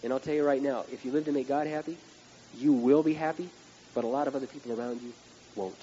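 A male preacher giving a blunt, emphatic sermon that rises to loud outbursts. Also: medium pitch, fairly even intonation, quick pace. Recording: dull recording with background hiss.

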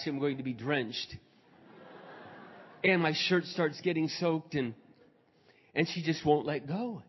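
Male pastor, high husky voice, fervent sermon delivery, dull hall recording. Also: a little slow, long pauses. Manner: swings from quiet storytelling to loud preaching. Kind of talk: sermon storytelling.

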